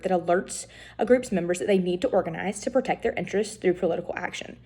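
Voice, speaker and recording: A woman's voice: medium pitch, warm tone, breathy edge. A woman giving a recorded lecture, explaining step by step with frequent ums and self-corrections. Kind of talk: recorded lecture on political science.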